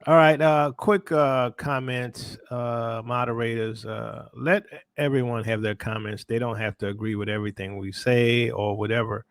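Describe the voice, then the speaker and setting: A man's voice: medium pitch, steady tone, normal speed, few pauses, dry recording, studio quality. A man hosting a call-in livestream, giving loose, casual instructions with many fillers. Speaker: host.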